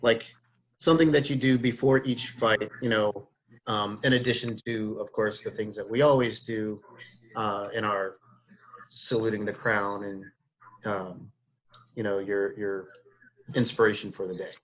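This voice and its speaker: A man's voice: lowish voice, a little slow, rough recording. Laid-back guy hosting, lots of ums, asks questions. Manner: relaxed, hesitant with fillers. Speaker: host. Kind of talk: casual chat.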